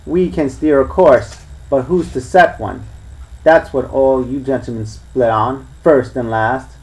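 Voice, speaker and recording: A sly older pirate chief lectures his men in rough sailor's talk, voiced by a man reading a storybook aloud. He is smooth and persuasive, and he lays down the law. The voice sits in an ordinary middle register. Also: mid-range voice, darkish tone, natural voice, low-quality recording. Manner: coaxing, lecturing sea talk. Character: crafty older male pirate, smooth-talking and commanding.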